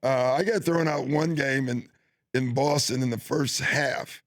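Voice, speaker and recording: A middle-aged man talks through coaching stories in an easygoing, meandering way, often stopping to restart a thought. His voice sits at a middle pitch and sounds close and dry, with no room echo. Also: fairly even intonation, unhurried. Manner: easygoing, with frequent fillers and restarts. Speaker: basketball coach, guest. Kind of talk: relaxed storytelling interview. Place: studio.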